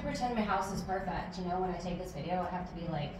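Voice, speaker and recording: A woman chatting casually as a plant vlogger, talking loudly, giggling, swearing and talking to her plants at home. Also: medium pitch, animated, fairly quick. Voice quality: loud, close to yelling. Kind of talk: casual chat. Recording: echoey room with faint background noise.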